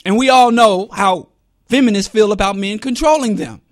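A middle-aged man, talking in an animated casual monologue that swings between loud bursts and low muttering. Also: normal speed, no room sound, studio quality.

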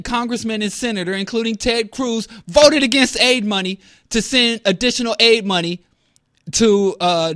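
A man's voice: high voice, bright, forceful tone, no room sound, studio quality. A man giving a rambling, sarcastic commentary monologue as a podcast host.

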